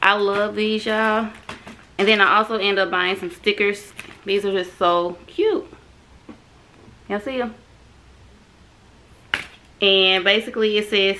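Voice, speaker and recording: A woman's voice: medium pitch, fairly even intonation, takes it slowly, long pauses, sharp tone, slight background noise, poor audio. Chatty woman vlogging. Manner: chatty, drawling Southern slang, frustrated sighs. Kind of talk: casual vlog chat. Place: home and craft store.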